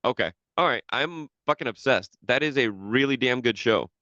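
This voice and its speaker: A man chatting on a podcast, rambling and cursing freely, circling back over his own half-finished sentences. His voice sits in a middle pitch, and the recording sounds dry and a bit dull. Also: expressive, moderate pace, bright, forceful tone, dry recording. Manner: rambling, profane, many restarts. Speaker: podcast co-host. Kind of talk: casual chat.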